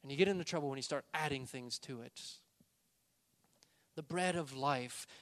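Man preaching, emphatic, slows down to stress words, higher-pitched voice. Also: fairly bright tone. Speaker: pastor. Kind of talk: sermon.

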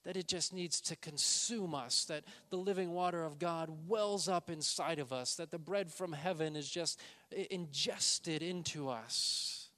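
Man preaching, emphatic, slows down to stress words, higher-pitched voice. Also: pushed and bright. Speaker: pastor. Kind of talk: sermon.

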